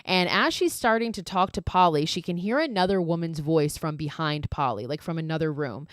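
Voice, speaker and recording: A woman's voice: sits low, expressive, brisk, no echo, studio quality. A woman podcast host casually recapping a film, peppering it with "like" and profane, exasperated asides. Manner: fillers of "like" throughout.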